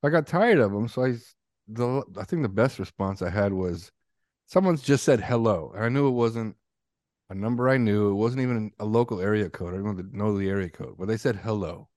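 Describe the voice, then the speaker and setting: A man co-hosting a podcast, telling a story in a deadpan way. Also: on the low side, a little fast, dry recording, studio quality. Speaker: podcast co-host. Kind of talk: casual storytelling.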